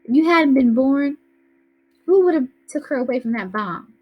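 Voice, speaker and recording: A woman's voice: sits high, animated, moderate pace, muffled recording, voice pushed up. A woman reading aloud voices a tough, bossy teenage older brother who scolds in a streetwise way. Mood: insistent.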